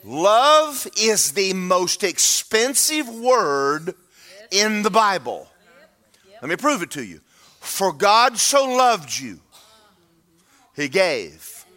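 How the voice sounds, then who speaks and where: A man's voice: high voice, sing-song, very slow, bright, forceful tone. A man, preaching a sermon to his church in a folksy, humorous, emphatic way. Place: church sanctuary.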